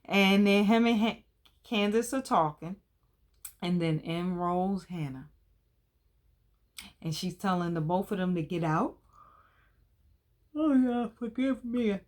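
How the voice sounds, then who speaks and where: A woman's voice: mid-range voice, slow, long pauses, a little mellow. A woman in her thirties, hosting a casual recap of a TV episode, talking in a chatty, colloquial and opinionated way. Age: 30s.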